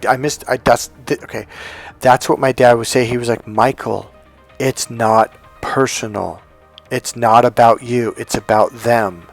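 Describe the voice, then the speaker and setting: Profane man telling a story, music underneath. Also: medium pitch. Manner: profane, animated, acts out quoted voices. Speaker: dating coach. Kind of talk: casual storytelling monologue.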